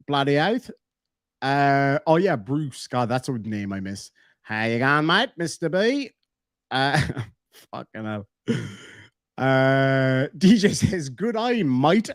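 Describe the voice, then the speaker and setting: A man's voice: on the high side, no room sound, studio quality. A young Irish man streaming and chatting casually, reading out comments from live chat and swearing freely along the way.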